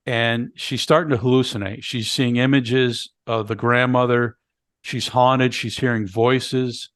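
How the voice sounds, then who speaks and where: A man's voice: mid-range voice, little pitch movement, a little slow, a bit bright, dry recording, studio quality. A man co-hosting a podcast, casually retelling a movie plot step by step with many fillers and restarts. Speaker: podcast co-host. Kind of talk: casual movie review chat.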